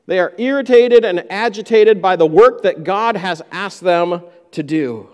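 A man's voice: sits high, unhurried, darkish tone, clean tone, long reverb tail. A man preaching a sermon, who acts out the disciples' complaints in a raised voice. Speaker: pastor.

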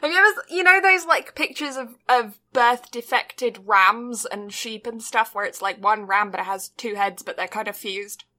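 A British woman co-hosting a podcast, chatting casually and telling stories with quick asides. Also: a little high, sharp tone. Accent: British English. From Britain. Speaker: podcast co-host.

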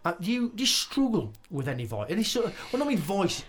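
A man's voice: high-pitched, sing-song, fast, a crowd in the background. A man interviewing an actress, asking eager questions that trip over restarts. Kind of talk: casual interview chat.

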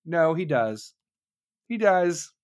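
A man's voice: fairly high pitch, takes it slowly. A man hosting a show, ranting casually with heavy swearing and mocking impressions of people. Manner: loud, animated, heavy swearing, mocking voices. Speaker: show host. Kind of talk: profane rant on a talk stream.

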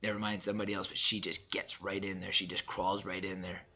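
A man in his thirties delivering a personal motivational monologue, emphatic and repetitive, swinging between loud and soft. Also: deep voice, flat delivery, fast talker, slightly rough, highs cut off. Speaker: father sharing reflections.

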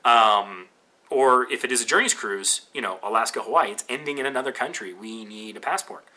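A man's voice: mid-range voice, a little fast, sharp tone. A Canadian man with a Canadian accent hosting a podcast, talking in a rambling, casual way with lots of fillers and restarts. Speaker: podcast host.

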